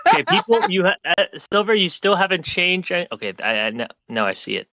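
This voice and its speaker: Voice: medium pitch, big pitch swings, fast talker, gravelly, bright, forceful tone, no echo. A player in a casual tabletop game, distracted and trailing off into restarts.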